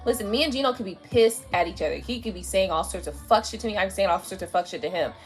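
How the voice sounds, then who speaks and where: Faint music plays behind a woman with a medium-pitched voice who talks fast on her tarot live stream. Lying at home, a little tipsy, she speaks into her tablet's camera mic, chatting bluntly and casually with heavy profanity and frequent laughter.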